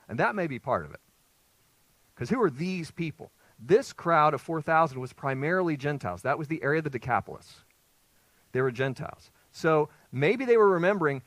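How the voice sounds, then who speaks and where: Male pastor, lively conversational sermon, dry close sound, very expressive pitch. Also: a little fast, dry recording, low-quality recording. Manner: lively, conversational preaching with rhetorical questions. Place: church sanctuary with congregation.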